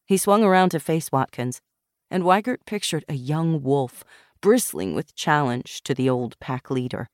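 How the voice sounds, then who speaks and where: A narrator reading a novel aloud in a measured, even manner, close to the microphone. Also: mid-range voice, no room sound. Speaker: audiobook narrator. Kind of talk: scripted narration.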